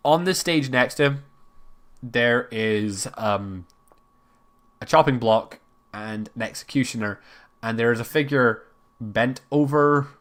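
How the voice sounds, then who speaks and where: A man's voice: medium pitch, slow pace, long pauses, fairly bright tone. A man narrating as game master of a tabletop game, rambling with frequent fillers.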